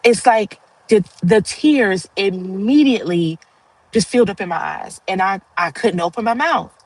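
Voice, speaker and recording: A woman talks straight to her livestream viewers, earnest and a little rambling, with frequent laughs. Her voice sits at a middling pitch for a woman. The sound is dry and close, with no room echo. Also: moderate pace, a little mellow. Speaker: livestream host. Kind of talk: casual heartfelt monologue.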